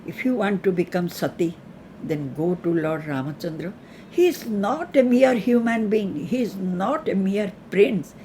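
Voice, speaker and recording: A woman's voice: mid-range voice, unhurried, warm tone, slight background noise, lightly acted. A woman voicing a grieving but courageous queen mother who consoles her daughter-in-law, in a told mythological story. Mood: consoling. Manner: consoling, reassuring.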